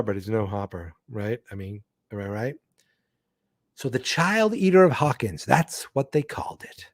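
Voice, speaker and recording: A man's voice: mid-range voice, darkish tone, dry recording, studio quality. A man hosting a live book-club podcast, reading a comic aloud and breaking off for chatty asides. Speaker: podcast host.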